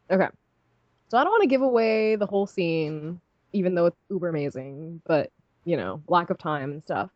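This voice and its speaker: A woman's voice: on the low side, lively intonation, normal speed, no room sound, lo-fi sound. A woman co-hosting a fanfic review, chatting casually in a giggly, rambling way full of "like". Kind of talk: casual chat.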